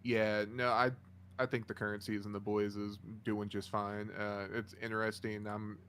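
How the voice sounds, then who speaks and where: A young man co-hosting a podcast in casual chat, easygoing and quick to laugh. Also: on the low side, flat delivery, fairly bright tone, a little hiss or hum. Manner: laughs often, easygoing agreement. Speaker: podcast co-host.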